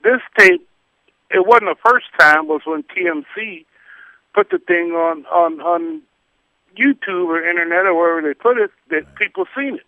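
A man calling in to a radio talk show, talking in an animated, halting way. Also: high-pitched, no echo, phone-quality sound. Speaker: caller. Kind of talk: radio call-in comment.

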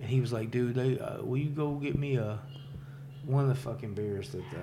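A man's voice: mid-range voice, fairly quick, noisy background. A man casually telling stories on a podcast, loose and profane, laughing often and saying "like" and "dude" a lot. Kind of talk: casual storytelling chat.

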